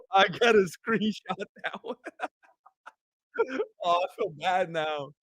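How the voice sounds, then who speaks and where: A young man with a high, bright voice hosts a casual livestream, bursting into laughter and exclamations as he reads out viewer comments. His voice is going hoarse from hours of talking. The sound is close and dry, with no room around it. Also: takes it slowly, no echo. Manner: excitable, laughs often, trails into quieter sincere thanks. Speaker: livestream host. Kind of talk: casual live-stream chat reading viewer comments.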